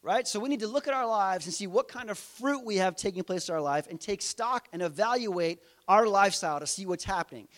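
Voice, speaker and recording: A man's voice: high-pitched, expressive, brisk, few pauses, a bit bright. A middle-aged man preaching a conversational sermon, asking his listeners rhetorical questions. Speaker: pastor.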